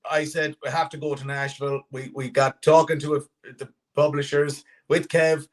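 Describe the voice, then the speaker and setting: An Irish man with a mid-pitched voice talks in an upbeat, chatty way as a guest on a radio interview. He often restarts his sentences as he tells his story. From west of Ireland. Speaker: country band singer and songwriter guest. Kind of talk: casual radio interview chat.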